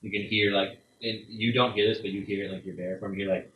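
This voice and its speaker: A man's voice: on the low side, little pitch movement, fast talker, phone-quality sound, a little hiss or hum. A man narrating as game master in a casual, rambling way, full of "like"s, recorded in an echoey room from a distance. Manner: casual, filler-heavy narration with many "like"s.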